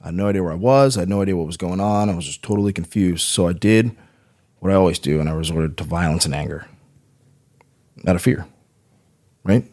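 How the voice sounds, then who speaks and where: A man's voice: deep voice, brisk, pauses often, darkish tone. A man who is a veteran, guest on a podcast, telling his own story in a casual, profane, rambling way, often tagging his sentences with "right?".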